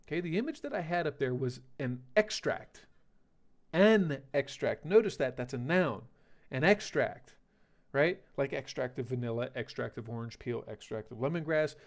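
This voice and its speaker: A man's voice: mid-range voice, darkish tone. A male teacher giving a vocabulary lesson, rambling and correcting himself, often checking in with "okay?" and "right?".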